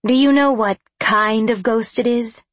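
A woman voicing a brisk, businesslike adult witch who talks in a cool, matter-of-fact way. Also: fairly high pitch, fairly even intonation, no room sound, close to an everyday voice. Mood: probing.

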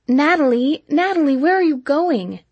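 A woman voicing an anxious young female friend who pleads with worried, rapid questions. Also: sits high, lively intonation, darkish tone, no room sound, lo-fi sound, pitched above the performer's own voice. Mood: pleading.

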